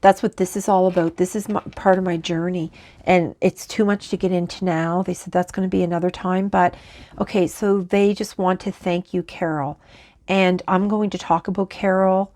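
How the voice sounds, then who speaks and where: During a channeling session, a woman living in Canada keeps stopping to answer invisible spirits. Her slightly low voice is a little mellow, with little pitch movement, and her delivery is rambling, halting and full of restarts.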